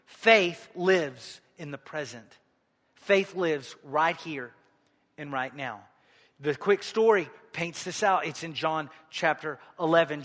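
Male pastor, sermon delivery, hushed then forceful, long reverb. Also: on the high side. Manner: swings from hushed appeals to loud exhortation. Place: large church sanctuary.

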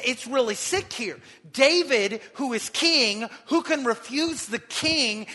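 A man preaching a sermon, retelling scripture with lively acted-out quotes. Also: high-pitched, slightly rough, big-room sound. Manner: animated storytelling, acting out quotes. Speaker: pastor.

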